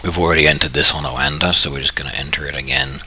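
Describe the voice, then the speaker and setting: A man's voice: a bass voice, fairly even intonation, fast talker, pushed and bright, slight background noise. A man from New Zealand casually walking through his screen, thinking aloud, correcting himself and joking as he goes. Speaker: trading channel host. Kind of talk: casual screen-share walkthrough.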